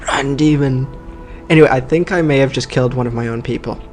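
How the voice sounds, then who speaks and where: A man's voice: medium pitch, very fast, a little mellow, soft background music. A man casually commenting over his own gameplay, cracking dry jokes and rambling through side remarks. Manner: dry, joking, rambling asides. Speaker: let's play host.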